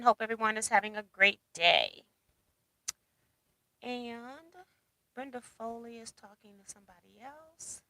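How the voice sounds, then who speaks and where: A woman's voice: on the high side, measured pace, long pauses, sharp tone, no room sound, rough recording. A woman hosting a casual livestream, reading out viewer comments and chatting with a laugh. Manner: chatty, laughs often, reads comments aloud. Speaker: livestream host.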